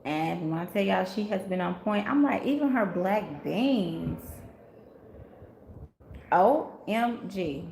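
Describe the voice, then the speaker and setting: A woman's voice: mid-range voice, expressive, slow pace, vocal fry, a little mellow. A woman from Memphis, giving a live tarot reading and chatting with her viewers, calling them honey and y'all. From Memphis, Tennessee. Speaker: tarot reader on livestream. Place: rental house, indoors. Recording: echoey room, faint ambient noise.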